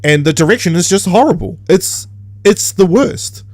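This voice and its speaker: A man's voice: high voice, expressive, moderate pace, no echo. A man, co-hosting a podcast and recapping an episode in casual, sarcastic chat with mocking quoted voices. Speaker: podcast co-host.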